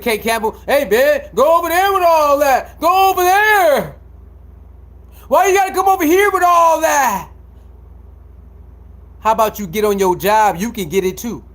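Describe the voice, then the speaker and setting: A man with a very high voice rants about sports critics, swearing freely and mocking them. He repeats the same lines over and over as his temper builds. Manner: repetitive, mocking, heated. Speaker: sports commentator. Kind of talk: profane commentary rant.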